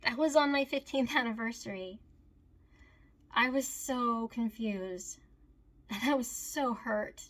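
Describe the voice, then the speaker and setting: A woman's voice: on the high side, slow, pauses often, a bit bright. A woman speaking in an earnest, pleading monologue, recounting a painful family moment as a recovery advocate. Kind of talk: emotional personal monologue.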